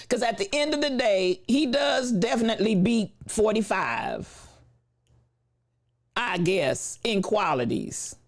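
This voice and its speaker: A host with delivering preachy, emphatic reaction commentary, often turning to the viewers directly. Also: medium pitch.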